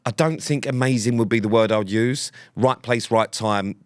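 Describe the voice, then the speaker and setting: A man with an English accent co-hosting a podcast in casual chat, teasing his co-host with dry, deadpan digs and filler ums. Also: medium pitch, moderate pace, clear, resonant tone.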